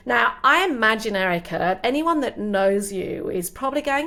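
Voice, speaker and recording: Woman host, unhurried storyteller. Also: mid-range voice, lively intonation, a bit bright. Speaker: podcast host. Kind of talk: interview conversation.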